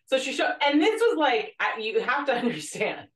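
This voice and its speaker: A woman co-hosting a podcast, a former labor and delivery nurse telling a story in animated, casual chat full of fillers and laughter. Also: high-pitched, normal speed, recorded from a distance. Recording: echoey room, voice a bit off-mic.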